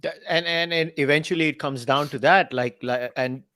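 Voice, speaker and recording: A man's voice: on the high side, moderate pace, sharp tone, a little hiss or hum. A man hosting a podcast, asking questions in a hesitant way, stammering with many fillers. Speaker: podcast host. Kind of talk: conversational interview.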